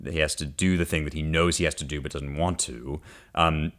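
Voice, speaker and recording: A man's voice: very deep voice, fairly quick. A male podcast host teaching a classic poem in a casual, conversational way, often checking in with "right?" and giving wry asides. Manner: wry and animated, reads passages aloud then unpacks them.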